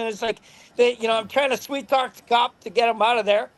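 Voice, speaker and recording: A middle-aged man with a high-pitched voice tells loose, rambling stories. He swears casually and keeps breaking into laughter at his own tales. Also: steady tone, brisk. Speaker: podcast guest, former motorcycle racer. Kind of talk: casual storytelling.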